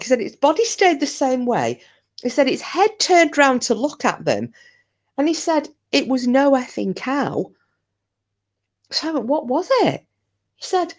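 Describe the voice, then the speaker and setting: A woman's voice: a little high, sing-song, normal speed, darkish tone. A woman, casually telling a ghost story in a chatty, rambling way, with swearing and restarts. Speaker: channel host.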